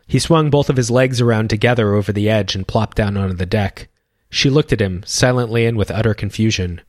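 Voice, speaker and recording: A man reading a children's adventure story as narrator, calm and even. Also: lowish voice, brisk, no echo, clean studio sound. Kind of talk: scripted narration.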